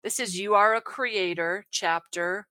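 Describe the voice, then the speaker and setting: A woman hosting an online book club over a video call, effusive and quick to read passages aloud. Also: mid-range voice, sharp tone, dry recording. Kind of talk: casual online meetup chat.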